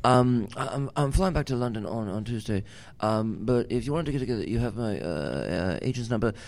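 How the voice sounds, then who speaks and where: A man putting on a groggy rock star with an Australian accent, leaving a halting voicemail full of ums and uhs. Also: on the low side, lively intonation, a little mellow, pitched below the performer's own voice. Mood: sheepish.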